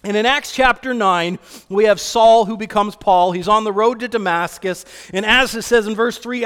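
Male pastor with a high voice, preaching a loose storytelling sermon in a church hall with a long echo. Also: clean tone. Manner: relaxed, storytelling, with fillers and restarts. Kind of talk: conversational sermon.

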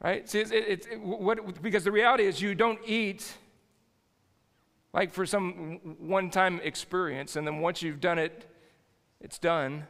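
High-voiced, gravelly male pastor. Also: steady tone, measured pace, fairly bright tone. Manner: folksy and jokey, with frequent restarts. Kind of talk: conversational sermon. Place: church sanctuary. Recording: long hall reverb.

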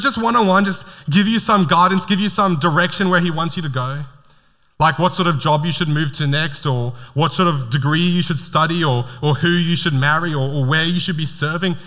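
Aussie pastor guy preaching, kinda high and bright, stutters on sentence starts, big echoey church hall. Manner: earnest, repeats words when starting sentences. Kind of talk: sermon. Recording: long hall reverb.

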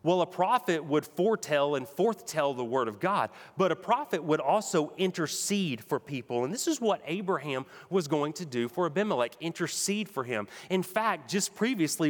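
A man's voice: fairly high pitch, lively intonation, moderate pace, few pauses, big-room sound. A man preaching a sermon with emphatic, rhythmic delivery. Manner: emphatic preaching, builds to repeated punchy phrases. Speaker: pastor.

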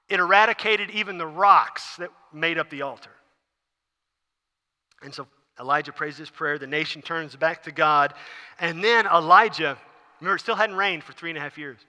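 Forceful high-voiced preacher in a hall. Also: male voice. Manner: animated storytelling, acts out scenes. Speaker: pastor. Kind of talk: sermon. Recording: long reverb of a large hall.

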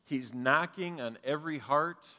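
A man's voice: fairly high pitch, measured pace, sharp tone. A man, preaching a sermon as pastor to a live and online congregation, earnest and conversational with touches of humor. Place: church sanctuary, live and streamed. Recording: long hall reverb.

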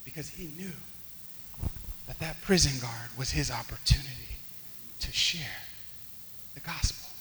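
A pastor preaching a sermon, swinging from loud exclamations to hushed near-whispers. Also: male voice, mid-range voice, a little slow, pauses often, long reverb tail, a little hiss or hum, rough recording.

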